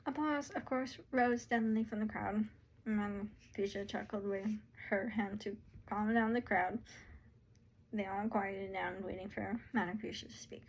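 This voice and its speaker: A woman's voice: mid-range voice, steady tone, moderate pace, low-quality recording. A woman narrating her own story casually, with rambling, chatty asides.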